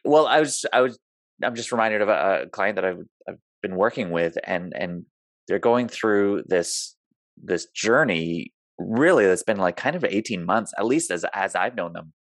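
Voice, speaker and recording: A man with a very low, gravelly voice hosts an interview in a dry, close recording. He talks casually, restarting sentences as he searches for his point. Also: lively intonation, normal speed, no echo. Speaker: podcast host. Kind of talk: conversational interview.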